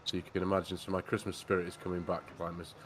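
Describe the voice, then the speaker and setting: Reading out chat messages and tossing in "mate" often, this man co-hosts a farming game livestream with jokey, chatty talk. His voice sits low and is completely flat, very fast, with slight background noise.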